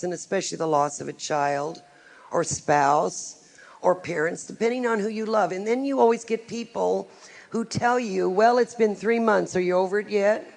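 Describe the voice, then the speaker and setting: A middle-aged woman speaks to a group in a live talk, her voice gravelly and set at a middle pitch. She is a psychic who tells stories frankly and with dry humor. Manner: wry, frank storytelling with humor. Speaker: psychic giving a lecture.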